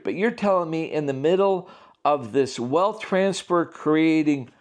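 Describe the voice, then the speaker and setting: A man's voice: fairly high pitch, a little mellow. A man, an author, speaking casually and emphatically in an unscripted monologue. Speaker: author and prophecy commentator.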